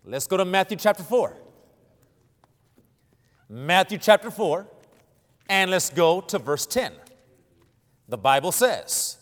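A man from Cuba preaching a sermon, stammering through restarts and self-deprecating humor, then reading scripture loudly and emphatically. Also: high-pitched, big pitch swings, takes it slowly, long pauses. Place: church sanctuary. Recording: long hall reverb.

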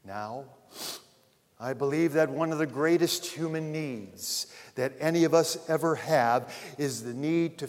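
A man preaching a sermon, telling a story and then addressing his congregation earnestly, rising loud and falling to a hush. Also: fairly high pitch. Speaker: pastor. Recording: long reverb of a large hall.

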